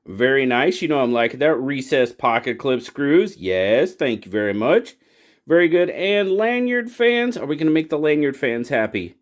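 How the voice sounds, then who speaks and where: A man's voice: medium pitch, big pitch swings, normal speed. A man hosting his own channel, chatting enthusiastically through a casual product review and exclaiming over the details. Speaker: knife reviewer and channel host.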